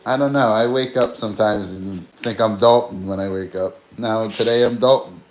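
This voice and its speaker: A man's voice: lowish voice, normal speed, a little hiss or hum. A tired man hosting a livestream, chatting casually and drifting between topics, with slang and free swearing. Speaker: livestream host. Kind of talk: casual rambling chat.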